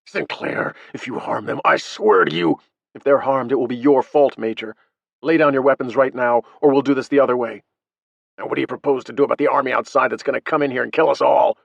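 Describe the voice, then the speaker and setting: A man's voice: medium pitch, fairly even intonation, fast talker, creaky, dry recording, muffled recording. A middle-aged male officer speaks with tight, threatening anger that he barely holds in check, as a narrator puts him on. His voice stays firm and tense. The recording is dry and close. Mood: barely contained anger.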